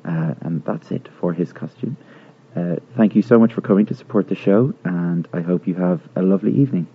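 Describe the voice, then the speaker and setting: Dublin man, deep and husky. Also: fairly quick. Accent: Dublin Irish. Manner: friendly, hesitant with fillers. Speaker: stage actor. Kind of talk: introducing his costumes to an audience. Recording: tinny phone-like sound.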